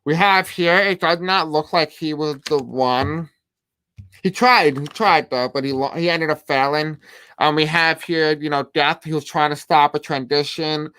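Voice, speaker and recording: A person giving a tarot reading to their viewers in a halting way, often pausing and repeating the same phrases while laying out cards. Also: mid-range voice, a bit bright, clean tone, no room sound. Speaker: tarot reader. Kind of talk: casual tarot reading to camera.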